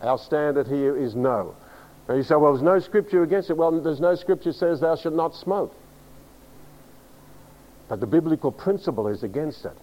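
A man's voice: on the high side, lively intonation, moderate pace, long pauses, highs cut off. A pastor preaching a teaching sermon, emphatic and direct, often asking his congregation to agree. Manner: emphatic, spells words out, asks the congregation.

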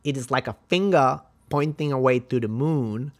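A man's voice: mid-range voice, moderate pace, close to an everyday voice. A Swedish man putting on an impression of a male martial arts master instructing a student, in a mock-solemn, emphatic way. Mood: instructive.

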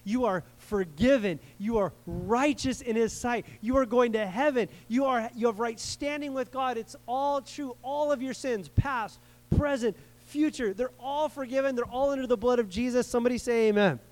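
A man's voice: extremely high pitch, normal speed. A man preaching a sermon to a live congregation in a conversational way, repeating words for emphasis and checking in with his listeners. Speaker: pastor. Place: church service before a live congregation.

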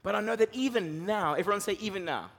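High-voiced preaching man in an echoing hall. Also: lively intonation, quick pace. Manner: dynamic preaching, rising loud for emphasis and dropping low. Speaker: pastor. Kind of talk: sermon.

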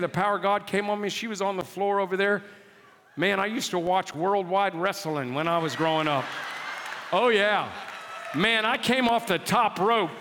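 Animated pastor in reverberant hall. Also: male voice, high voice, slight background noise. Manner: animated, exclaiming, dramatic retelling. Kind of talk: sermon storytelling.

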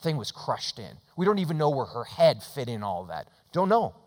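A middle-aged man preaching a sermon as a pastor. He tells a story and moves between loud, emphatic lines and hushed ones. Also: medium pitch, sing-song, moderate pace. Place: church sanctuary. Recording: long reverb of a church hall.

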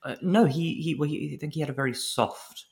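A man's voice: a little high, fairly quick, vocal fry. A man co-hosting a podcast in casual chat, joking and rambling with many restarts. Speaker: podcast co-host.

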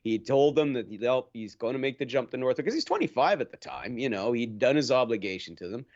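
A man co-hosting a hockey podcast chats casually and animatedly, rambling through stories with lots of restarts. His voice is mid-range and quick-paced, and the audio is dull.

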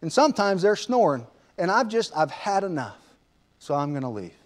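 A man's voice: high-pitched, sing-song, normal speed. Fed-up churchgoing woman, as a preacher puts her on. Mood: exasperated. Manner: exasperated, listing complaints.

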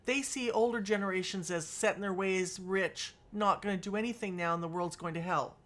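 Emphatic, animated woman co-host. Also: medium pitch, fairly quick. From California. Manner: emphatic and animated, laughs often, swears. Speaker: podcast co-host. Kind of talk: casual chat.

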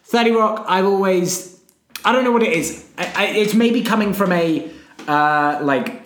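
A man's voice: sits high, measured pace, fairly bright tone, reverberant. A man co-hosting a podcast in casual chat, rambling and wry, often stopping to restart his thoughts. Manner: rambling, self-interrupting, wry. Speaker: podcast co-host.

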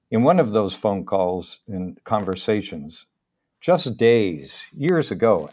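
A middle-aged man from the northeastern US, reading a personal story aloud in a measured, unhurried way with small pauses. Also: lowish voice.

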